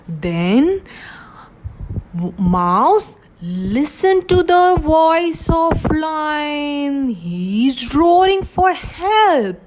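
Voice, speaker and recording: Slow sing-song storytelling woman. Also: high voice, lively intonation. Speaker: playgroup teacher. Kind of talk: storytelling for young children.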